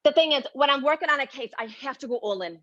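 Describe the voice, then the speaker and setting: A woman's voice: sits high, animated, fast, sharp tone, dry recording, muffled recording, pitched above the performer's own voice. A woman playing a brash, self-important middle-aged adoption searcher with a New Jersey accent, in a solo stage monologue. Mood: brash, breezy. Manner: self-important, breezy, defensive.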